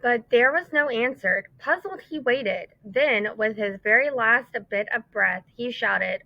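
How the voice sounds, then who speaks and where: A woman teacher who reads a story aloud to children and then explains it, in an expressive, emphatic way. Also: on the high side, unhurried, no echo. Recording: dull lo-fi dry recording.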